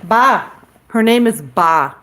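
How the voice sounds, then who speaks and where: A woman's voice: fairly high pitch, animated, slow, a bit bright. A woman hosting a casual livestream, chatting frankly with viewers and answering their comments aloud, with the odd curse word. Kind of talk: casual live-chat talk.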